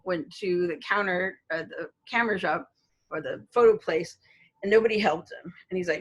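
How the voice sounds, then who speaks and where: Woman, middle-aged, college instructor, recorded lecture, husky breathy voice, casual with lots of um and asides. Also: on the low side, moderate pace, low-quality recording. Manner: conversational, filler-heavy, storytelling asides.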